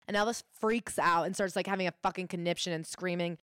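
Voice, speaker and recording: A woman co-hosting a casual podcast, retelling a memoir in a quick, chatty way with casual swearing. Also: lowish voice, fairly bright tone, smooth, dry recording, clean studio sound. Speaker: podcast co-host.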